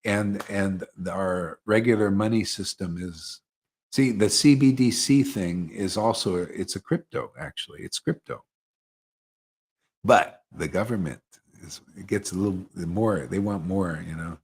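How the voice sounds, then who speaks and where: A man leading an informal devotional gathering, who talks in a loose, animated way, breaks into chuckles and mocks other people in put-on voices. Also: low voice, measured pace, slightly rough. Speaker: spiritual teacher leading satsang.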